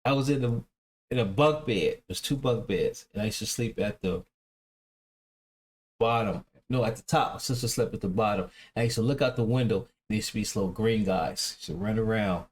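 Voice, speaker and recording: A man's voice: lowish voice, a little fast, slight background noise. A man hosting a reaction video, telling a rambling childhood story in casual slang and often restarting his sentences.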